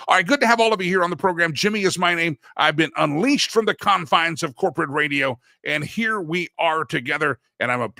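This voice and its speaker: Bright-voiced middle-aged male talk host. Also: fairly high pitch, no room sound, clean studio sound. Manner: rambling, anecdotal, self-correcting. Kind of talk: casual talk show monologue.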